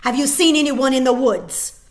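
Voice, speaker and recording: A suspicious soldier barks his questions with open contempt, as a woman reading aloud puts him on. His voice stays loud and hard, pushing for answers. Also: a little high, takes it slowly. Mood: gruff. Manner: barking, scornful. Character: suspicious harsh male soldier.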